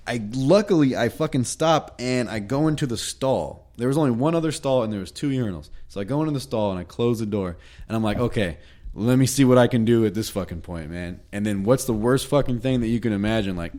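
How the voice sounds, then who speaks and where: A man's voice: mid-range voice, brisk, a little mellow. A young man co-hosting a podcast, telling a long story in a rambling, profane way full of "like" and "man". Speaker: podcast co-host. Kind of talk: casual storytelling.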